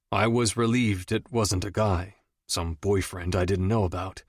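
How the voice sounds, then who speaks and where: Man reading a romance audiobook, lowish voice, dry close sound. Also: steady tone, measured pace, no room sound. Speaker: audiobook narrator. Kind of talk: first-person romance narration.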